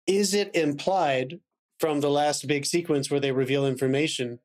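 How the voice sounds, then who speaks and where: Hedging man, slightly high voice. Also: fairly even intonation, moderate pace, darkish tone. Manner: tentative, hedging, thinking aloud. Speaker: podcast co-host. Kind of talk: casual chat.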